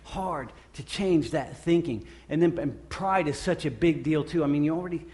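A man's voice: fairly high pitch, moderate pace, a little mellow. A man in his thirties preaching a sermon, earnest and conversational, often repeating phrases for emphasis. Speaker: pastor.

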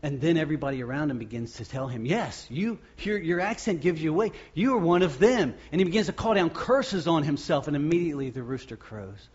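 A man preaching a sermon as pastor, acting out the crowd's shouts and the quoted words. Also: fairly high pitch, expressive, brisk, hardly any pauses, slightly rough, lo-fi sound.

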